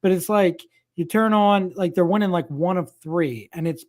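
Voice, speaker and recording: Older male co-host, high pitch, casual wry rambling delivery. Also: moderate pace, a little mellow. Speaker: podcast co-host. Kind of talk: casual sports chat.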